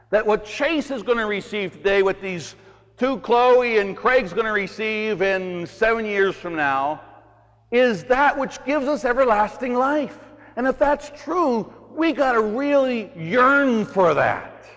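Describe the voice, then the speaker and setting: Priest guy giving a sermon, goes loud then real hushed, big church echo. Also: sits high. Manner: animated preaching, swinging from loud urging to hushed.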